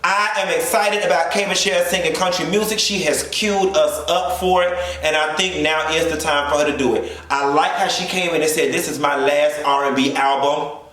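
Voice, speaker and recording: A high-voiced man, sassy and flamboyant, ranting through a profane comedic recap of a reality show. The sound is very echoey, as if spoken in a bare room. He throws in drawn-out asides and mock sermons as he talks. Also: fairly even intonation, fairly bright tone. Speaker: reality TV commentator.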